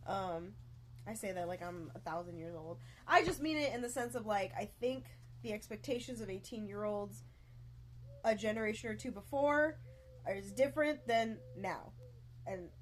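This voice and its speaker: A woman's voice: medium pitch, slight background noise. A young woman streaming herself reading a book and reacting, rambling off on tangents with lots of "like" and self-mocking asides. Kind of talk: casual livestream reading and reacting.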